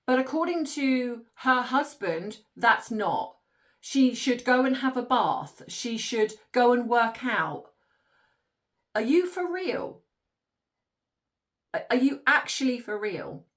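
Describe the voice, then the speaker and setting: A woman's voice: on the high side, expressive, slow, pauses often, fairly bright tone. Exasperated woman ranting. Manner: exasperated, ranty, laughs in disbelief. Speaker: commentary channel host. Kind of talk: opinionated commentary monologue.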